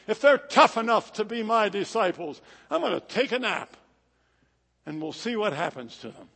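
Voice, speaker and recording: A preacher doing a calm, unbothered teacher. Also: male voice, high-pitched, moderate pace, vocal fry, breathy edge, exaggerated voice. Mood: nonchalant. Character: calm, unbothered teacher testing his followers. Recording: echoey hall.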